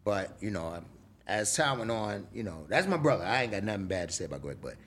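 Animated, expressive New rapper recounting stories. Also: male voice, quick pace, breathy edge. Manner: animated, profane, acts out quoted exchanges with big pitch swings. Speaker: rapper, interview guest. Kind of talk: candid storytelling interview.

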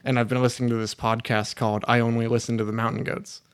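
A man's voice: mid-range voice, flat delivery, fast, clear, resonant tone, dry recording. A young man guest on a podcast, chatting casually and hesitantly with many ums on a dynamic mic in a studio. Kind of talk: casual chat.

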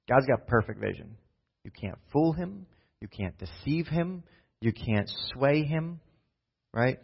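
A man's voice: medium pitch, moderate pace, gravelly, slightly rough. A male pastor giving a conversational sermon, often asking "right?" and acting out scenes from the text in voices. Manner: animated, often asks "right?" and acts out Bible scenes in voices. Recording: dull lo-fi sound.

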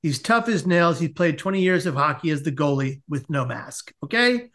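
A man, a podcast guest, telling a comic personal story with lively asides. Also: on the high side, moderate pace. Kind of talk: animated storytelling in a podcast interview.

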